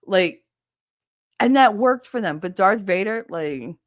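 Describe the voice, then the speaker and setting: A woman's voice: mid-range voice, animated, slow, no room sound, studio quality. A woman hosting a podcast in a casual chat, frank and profane, reading viewer comments and laughing often. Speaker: podcast host.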